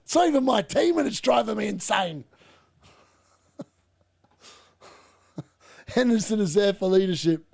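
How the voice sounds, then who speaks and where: A man calls a football match live for his viewers, loud and excitable. His voice sits high and carries a gravelly rasp. He yells at missed chances and teases the players without mercy. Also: measured pace, long pauses. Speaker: watchalong streamer. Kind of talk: live match commentary and reaction.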